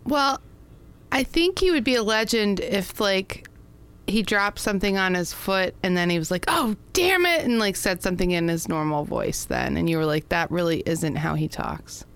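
A woman's voice: fairly low pitch, normal speed, clear, resonant tone. A woman co-hosting a casual podcast chat, teasing her partner with dry jokes. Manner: teasing, dryly joking. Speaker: podcast co-host.

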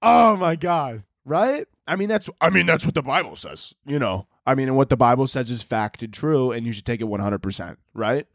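A man's voice: mid-range voice, lively intonation, normal speed, hardly any pauses, a bit bright, no room sound, studio quality. A young man hosting a comedy podcast, telling a rambling, profane, sarcastic monologue and laughing often. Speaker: podcast host.

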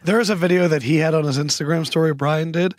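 A man with a fairly high voice hosts a casual podcast chat, rambling through stories and putting on the voices of people he quotes. The sound is dry and close, with no room around it. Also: fairly even intonation, fast, dry recording. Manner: rambling storyteller who acts out quotes. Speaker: podcast host.

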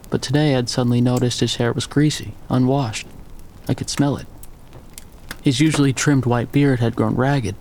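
Gravelly man narrating a story. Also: mid-range voice, a little mellow, slight background noise. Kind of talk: scripted audiobook narration.

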